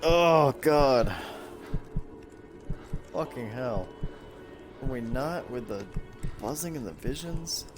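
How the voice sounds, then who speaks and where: A man's voice: mid-range voice, lively intonation, slow, long pauses, music in the background. A man giving casual let's play commentary on a horror game, joking, swearing and reacting jumpily.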